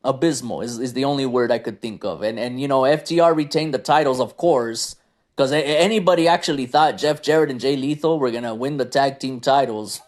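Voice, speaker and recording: A man in the middle of a casual wrestling review, his voice sitting at an ordinary pitch. He rants with open frustration, circling back over the same complaints. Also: a little fast, a little mellow. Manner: frustrated, ranting, repeats himself.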